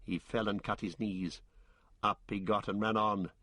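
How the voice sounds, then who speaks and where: A man reads an audiobook aloud, his voice low and measured. The recording is dry and close, with no room sound. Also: flat delivery, bright, forceful tone, dry recording. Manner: measured, deliberate reading. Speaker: narrator. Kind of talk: audiobook reading.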